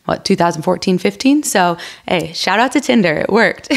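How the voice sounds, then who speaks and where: Podcast guest: a woman in her thirties, slightly low-pitched, animated storyteller who acts out quotes. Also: moderate pace, creaky. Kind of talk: casual interview storytelling.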